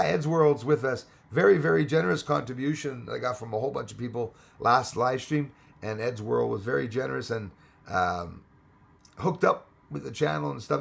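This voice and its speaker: A man's voice: medium pitch, gravelly, husky. A man hosting a casual live stream, chatting with viewers, greeting them by name and laughing often. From Australia.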